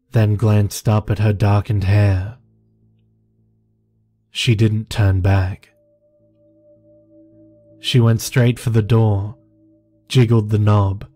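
Slow, dark-voiced man narrating horror. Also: on the low side. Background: faint music.

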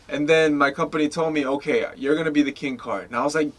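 A man's voice: on the high side, fast, hardly any pauses. A man in his twenties from the United States, a guest telling stories in a casual interview, acting out quoted lines with lots of "like" and "you know". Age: 20s. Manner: animated storyteller, acts out quoted lines.

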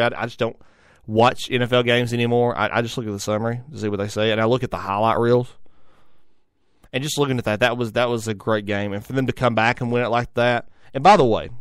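A man's voice: mid-range voice, clean tone, no echo, clean studio sound. A young adult man, hosting a solo sports talk show, rambling with frequent restarts and repeated words. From Tennessee. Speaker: sports radio host.

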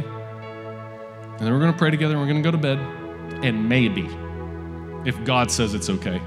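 A man preaches in an animated, conversational style, often turning to the congregation with quick asides. His voice sits at an ordinary middle pitch. It rings through a large hall with a long reverb, and faint music plays under it. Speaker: pastor. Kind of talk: sermon. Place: church auditorium.

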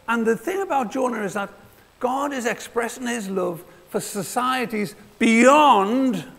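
A man's voice: high-pitched, vocal fry. A man preaching a sermon in a church hall, speaking in a conversational way and acting out little exchanges between people. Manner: conversational, acts out little dialogues.

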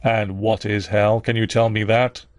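A man doing a slow, solemn bass-voiced clergyman. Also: flat delivery, no echo, clean studio sound, natural voice. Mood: stern. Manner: slow, solemn, grave questioning.

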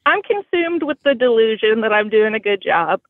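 This podcast caller is a woman from Bloomington, Indiana, who has a Southern American accent and a dry, self-deprecating manner. She talks at normal speed in a fairly high voice with big pitch swings, through a dry recording on a tinny phone connection.

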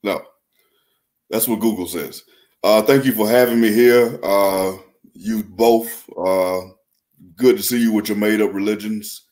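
A man playing a hesitant old inventor at a comedy roast, halting with many fillers. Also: lowish voice, fairly even intonation, darkish tone, natural voice.

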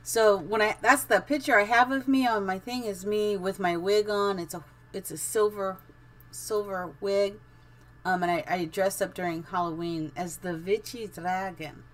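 A woman's voice: mid-range voice, fairly even intonation, moderate pace. Chatty middle-aged woman streaming a build. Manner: chatty, thinks aloud, giggly. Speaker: game streamer. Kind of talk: casual live-stream building commentary.

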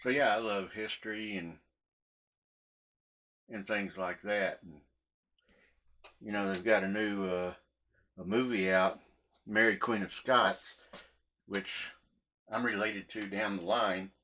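Chuckling low-voiced man rambling through stories. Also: fairly even intonation, takes it slowly, pauses often, sharp tone, a little hiss or hum. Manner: chatty, meandering, chuckles between sentences. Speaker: cooking vlogger. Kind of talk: rambling story told while cooking.

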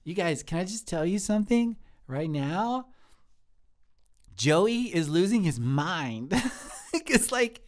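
A man's voice: high-pitched, sing-song, takes it slowly, long pauses, exaggerated voice. A man voicing a giddy, childlike young woman who works in a kitchen, giggly and scattered as she answers live chat questions. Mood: bubbly. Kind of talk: improvised live-stream character comedy.

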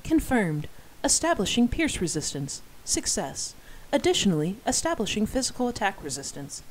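A terse artificial announcer, stating each skill in flat, clipped words, put on by a reader. The voice sits at a middling pitch in a fan-read story. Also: normal speed, slight background noise, lightly acted, low-quality recording.

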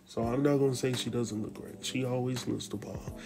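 A man casually recapping a TV drama episode, animated and slangy, speaking straight to his viewers. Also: mid-range voice, brisk, vocal fry. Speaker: TV recap host.

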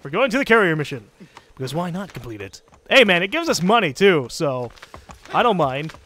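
Give me an excitable high-voiced North American man. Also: fairly quick. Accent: central North American. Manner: casual, excitable, swears freely. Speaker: gaming commentator. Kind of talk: let's play commentary.

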